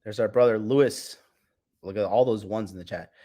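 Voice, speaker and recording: A man's voice: fairly low pitch, normal speed, dark tone. A man hosting a live-streamed dating talk show, brash, profane and mocking as he reads the chat. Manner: talks to the audience as "bro". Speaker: livestream dating show host.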